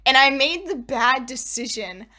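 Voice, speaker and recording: Young female podcast co-host, bright slightly high voice, hesitant, casual. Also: lively intonation, measured pace. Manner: hesitant, many fillers. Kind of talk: casual chat.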